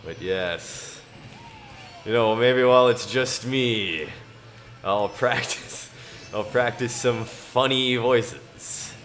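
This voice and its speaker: Slow, rambling male streamer. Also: medium pitch, fairly bright tone, faint music behind. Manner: rambling, talks to himself, chuckles often. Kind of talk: casual live-stream chat with scripture reading.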